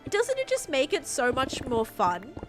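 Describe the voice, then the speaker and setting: A woman's voice: high-pitched, huge pitch swings, unhurried. Bubbly woman streamer chatting over music. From United States. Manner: bubbly, chatty, reads out chat comments. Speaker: livestreamer. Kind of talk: casual live-stream chat while gaming. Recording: game music behind voice.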